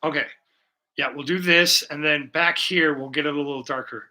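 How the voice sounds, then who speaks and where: A man's voice: on the high side, steady tone, normal speed, sharp tone. A young man live-streaming as he paints, chatting loosely and profanely with viewers while he explains his brushwork. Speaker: livestreaming painter.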